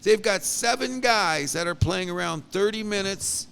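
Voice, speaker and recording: A man co-hosting a casual sports podcast, rambling and animated with frequent restarts. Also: high-pitched, unhurried, creaky, smooth, soft background music. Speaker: podcast co-host.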